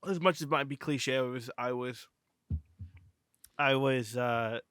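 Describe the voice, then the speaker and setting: A man hosts a podcast and chats casually about a war film. His voice is smooth and resonant, recorded dry and up close. He hedges his opinions and fills his talk with "you know". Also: mid-range voice, measured pace, a bit bright, no echo. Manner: easygoing, hedging, heavy "you know" fillers. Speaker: podcast host. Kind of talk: casual film review chat.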